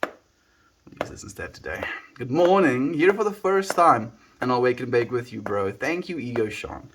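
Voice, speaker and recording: A man's voice: medium pitch, animated, moderate pace, a bit bright, slight background noise. A South African man from South Africa chatting casually on a livestream from home into a handheld phone, musing aloud and thanking viewers by name.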